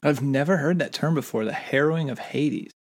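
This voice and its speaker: A man with an American accent co-hosting a casual podcast chat, earnest and thoughtful, often pausing and restarting sentences. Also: fairly high pitch, breathy edge. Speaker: podcast co-host.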